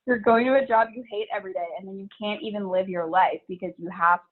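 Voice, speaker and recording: A woman's voice: mid-range voice, steady tone, quick pace. A woman guesting on a podcast who talks candidly, swears casually and laughs often in casual chat. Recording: tinny phone-like line.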